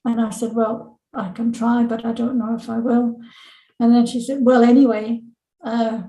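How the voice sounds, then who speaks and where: A Scottish woman in her seventies, guesting on a podcast, tells a personal story and animatedly acts out her family's lines in raised voices. Her voice is fairly high at a moderate pace, in an echoey room with a rough recording.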